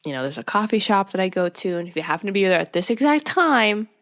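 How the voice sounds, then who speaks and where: A young woman in casual podcast chat, recapping a show with a lively, swooping voice. She drops lower to quote characters and breaks into laughter often. Her pitch sits mid-range for a woman. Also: fast talker. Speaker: podcast co-host.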